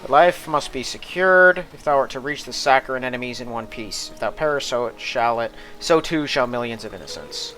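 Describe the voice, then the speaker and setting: A man's voice: mid-range voice, expressive, moderate pace, few pauses, fairly bright tone, soft background music, lightly acted. Solemn angel speaking in thee and thou, read by a man. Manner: archaic, solemn warnings. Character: solemn angel, being of light.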